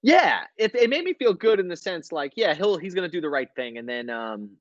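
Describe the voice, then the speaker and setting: A man's voice: high-pitched, big pitch swings, a little fast, no echo, muffled recording. A man, a comedian and podcast co-host, telling a story in casual chat, acting out both sides and laughing often.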